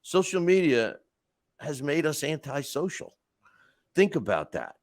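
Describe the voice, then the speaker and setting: A man hosting a podcast, talking through casual stories and rants in an animated way with lots of restarts. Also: fairly high pitch, a little slow, no room sound. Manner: animated storytelling, frequent restarts and asides. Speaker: podcast host. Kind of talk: casual monologue.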